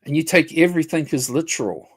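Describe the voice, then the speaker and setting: Kiwi guy going off on a livestream, swears heaps, repeats himself, voice a bit on the high side. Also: fast, slightly rough. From New Zealand. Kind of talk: casual livestream rant.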